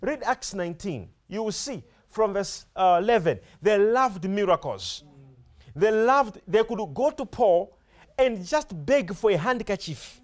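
Animated male preacher, lively high voice. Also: a little slow. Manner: emphatic, repeats words and phrases, animated rise and fall. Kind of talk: sermon.

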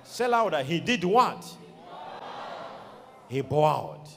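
A man preaching a sermon, emphatic, with sudden shouted peaks and quiet asides, recorded in an echoey church hall. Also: a little high, big pitch swings, slow pace, vocal fry, some chatter behind, a little hiss or hum.

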